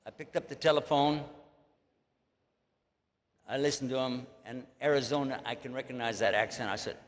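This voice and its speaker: Folksy Texan preacher in a big hall. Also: male voice, mid-range voice, steady tone, normal speed, long pauses. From Texas. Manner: folksy, joking, drawling asides. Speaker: Islamic preacher. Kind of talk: storytelling lecture to an audience. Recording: long echo of a large hall.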